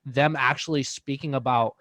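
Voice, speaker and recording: A man's voice: medium pitch, steady tone, normal speed, a bit bright, dry recording. A young man co-hosting a podcast in casual chat, easygoing, summing up points and steering the talk. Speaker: podcast co-host.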